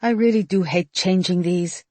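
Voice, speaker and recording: A woman voicing a good-humoured man with a wry way of speaking, sitting a touch low. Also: normal speed, darkish tone, no echo, close to an everyday voice.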